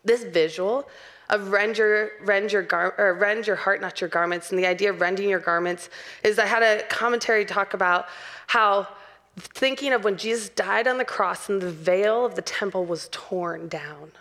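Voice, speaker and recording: A woman's voice: mid-range voice, moderate pace, a bit bright. Earnest woman preaching a sermon. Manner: earnest, personal, with light laughs.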